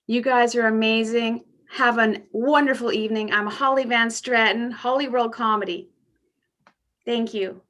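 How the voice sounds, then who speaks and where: A female stand-up comedian wrapping up her set with an animated, thankful sign-off. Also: on the high side, normal speed.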